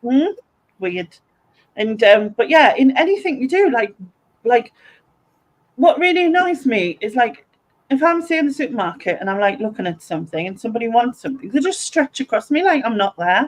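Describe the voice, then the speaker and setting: A woman's voice: fairly high pitch, big pitch swings, normal speed, low-quality recording. Woman, host, casual chat, giggly, reads viewer comments.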